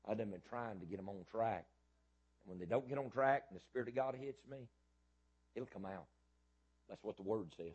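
Middle-aged male pastor, husky low voice, fiery repetitive sermon delivery. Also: normal speed, pauses often. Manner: fiery, emphatic preaching with loud rises and repetition.

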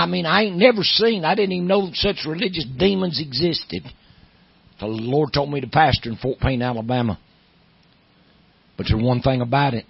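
A middle-aged man with a Southern accent, a pastor preaching a sermon, moving from low storytelling to loud, emphatic preaching. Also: vocal fry, husky, no room sound, muffled recording.

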